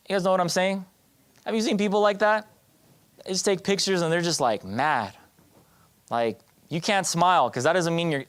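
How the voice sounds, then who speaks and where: A man giving a personal testimony in church, talking conversationally with the audience and often restarting his sentences. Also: sits high. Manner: conversational, addresses the audience directly; hesitant restarts with fillers.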